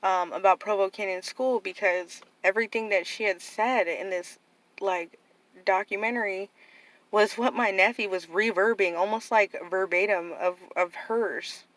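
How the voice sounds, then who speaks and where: A woman's voice: medium pitch, fairly even intonation, moderate pace, a bit bright, no room sound, rough recording. A young adult woman casually telling a personal story to her viewers, rambling and full of "like" and "you know". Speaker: vlogger telling about her nephew.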